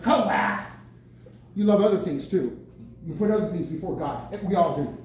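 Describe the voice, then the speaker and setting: Excitable male preacher, very high and animated pitch, recorded from afar in an echoey room. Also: normal speed. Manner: excitable, bursts out with exclamations. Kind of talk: lively sermon. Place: senior center meeting room. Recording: very echoey room, mic from far off, faint noise.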